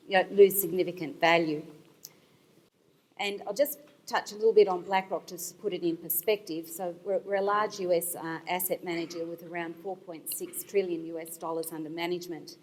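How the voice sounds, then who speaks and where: A woman panelist speaking as an institutional investor, explaining her points in a measured way with some fillers, at a conference. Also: fairly low pitch, darkish tone, slight background noise. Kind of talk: panel discussion remarks. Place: conference hall. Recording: long hall reverb. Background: hall reverb.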